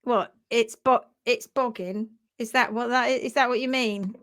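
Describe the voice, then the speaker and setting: A woman's voice: on the high side, steady tone, moderate pace, a bit bright. A woman hoof trimmer hosting a casual live stream, playful and giggly as she reads viewers' comments aloud.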